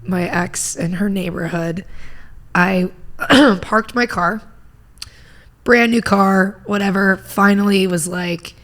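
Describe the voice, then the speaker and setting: A young woman from Indiana, a comedian guest in casual chat, candid, self-deprecating and quick to swear. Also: mid-range voice, a bit bright. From Indiana, USA. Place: room near a street.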